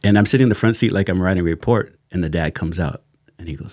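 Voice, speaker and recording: A man's voice: low voice, fast, no room sound, clean studio sound. A middle-aged man, a retired sheriff's detective, telling a story as a podcast guest in a casual, slangy way, laughing and acting out the people he quotes. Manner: animated, laughing, slangy retelling with acted quotes. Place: podcast studio.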